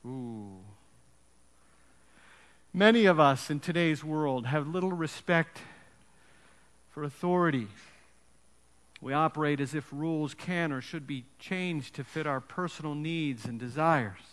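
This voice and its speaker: A man preaching a sermon with an emphatic storytelling delivery and dramatic pauses. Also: on the high side, fairly bright tone, big-room sound. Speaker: pastor.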